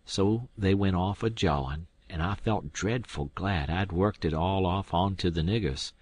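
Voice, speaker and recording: A man's voice: low-pitched, measured pace, darkish tone, no room sound. A man reading an audiobook aloud, narrating in a plain, folksy storytelling manner.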